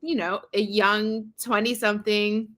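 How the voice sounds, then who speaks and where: A woman's voice: mid-range voice, level tone, measured pace, fairly bright tone. A young woman co-hosting a casual movie discussion, upbeat and chatty, laughing easily. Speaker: co-host.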